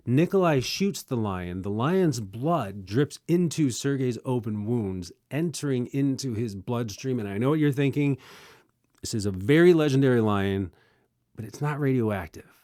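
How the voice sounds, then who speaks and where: A young man hosting a casual movie review, sarcastic and animated, with quick joking asides. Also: mid-range voice, no room sound, studio quality.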